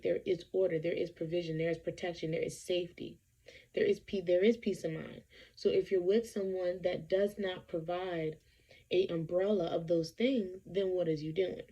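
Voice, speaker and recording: A woman's voice: mid-range voice, gravelly, a little mellow. A woman vlogger giving her opinions in an emphatic, conversational way, repeating points for stress. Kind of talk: casual opinion talk to camera.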